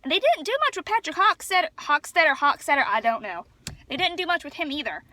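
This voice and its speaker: Chatty woman vlogger, bright and sharp-toned, rambling excitedly into a phone. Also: sits high, brisk. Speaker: vlogger reviewing a film. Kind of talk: casual chat. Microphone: phone camera.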